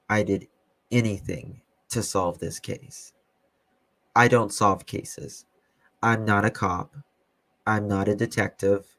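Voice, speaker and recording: Slow, deep, gravelly man reading live chat. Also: no room sound. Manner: calm, slow, dry, teasing. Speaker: YouTube web sleuth host reading live chat. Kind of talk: casual live-stream chat.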